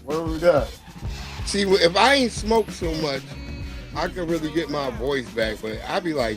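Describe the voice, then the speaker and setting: A man's voice: on the high side, normal speed, over music. A man hosting a casual livestream, talking loosely with profanity and street slang. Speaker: livestream host.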